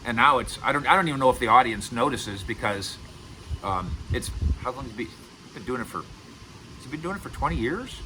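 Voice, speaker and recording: A man's voice: medium pitch, animated, fairly quick, background noise. A middle-aged man giving casual sports commentary to camera as host, emphatic and repeating words for stress. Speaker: sports radio and video host.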